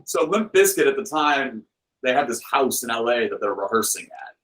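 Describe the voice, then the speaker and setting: Man telling a lively anecdote casually. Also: mid-range voice, moderate pace, low-quality recording. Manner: lively anecdote-teller with loose filler words; acts out the people he quotes with shifted voices. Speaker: podcast guest, film director and author. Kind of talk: casual storytelling.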